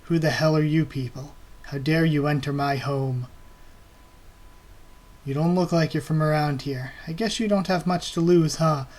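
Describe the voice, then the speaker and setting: A man voicing a gruff, hot-tempered male lord who guards his hammer, reading the lines in close to his own voice. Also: on the high side, moderate pace, a little mellow, natural voice. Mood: indignant. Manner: read aloud in a near-normal voice.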